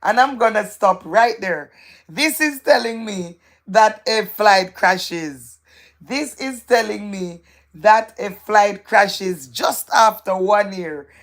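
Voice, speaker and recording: A woman's voice: mid-range voice, takes it slowly. A woman hosting a live stream, reading viewers' comments aloud in a playful, gossipy way and repeating phrases for emphasis.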